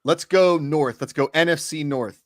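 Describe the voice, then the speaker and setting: A man's voice: a little high, moderate pace, no room sound, studio quality. A man co-hosting a casual sports talk show, giving opinionated and joking predictions.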